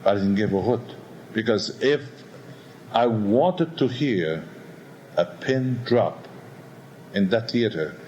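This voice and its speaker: A man, an opera baritone, telling a candid backstage story in a rambling, animated way, acting out voices and sounds. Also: takes it slowly, long pauses, dull audio, a little hiss or hum. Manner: animated, acts out quotes and sounds; rambling with many restarts and "all of a sudden". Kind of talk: candid spoken anecdote.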